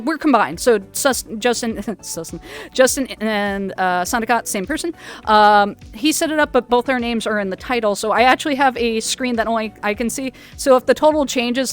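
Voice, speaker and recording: A woman's voice: high-pitched, clear, resonant tone. A woman hosting a charity livestream from home in a VR chat, talking casually and laughing often. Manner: giggly and chatty, laughs often. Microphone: VR headset mic.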